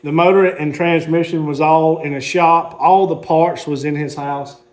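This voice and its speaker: A man's voice: on the high side, fairly even intonation, normal speed. A man, casually telling a rambling story while showing his car collection. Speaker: car hobbyist host.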